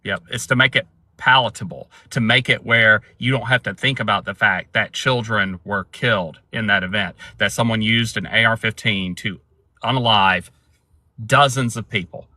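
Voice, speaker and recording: Bright-voiced male guest. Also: on the low side, moderate pace, dry recording. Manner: explanatory, with many likes and restarts. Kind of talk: casual discussion.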